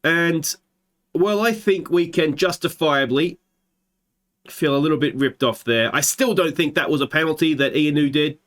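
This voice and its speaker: An Australian man hosting a football management let's play, calling his match like a commentator and swinging into excited shouts at big moments. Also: fairly high pitch, normal speed. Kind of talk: gameplay commentary.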